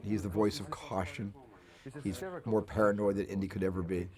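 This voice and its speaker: A man's voice: fairly low pitch, little pitch movement, normal speed, a crowd in the background. A film director in a documentary interview, recalling his work eagerly and restarting his sentences.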